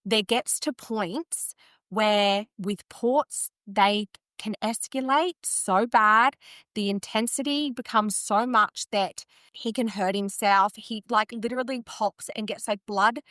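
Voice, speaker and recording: A woman's voice: medium pitch, takes it slowly, a bit bright, no room sound, studio quality. An Australian woman in her thirties, speaking as a podcast guest in candid conversation, earnest and tumbling, often restarting her sentences. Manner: earnest, tumbling, self-correcting speech.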